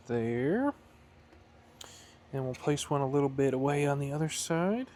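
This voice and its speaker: Slow-talking man at a workbench. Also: mid-range voice, animated, dark tone, slight background noise. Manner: chatty, self-correcting, thinks aloud while working. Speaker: hobbyist building a flight-sim throttle. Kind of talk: casual workshop tutorial.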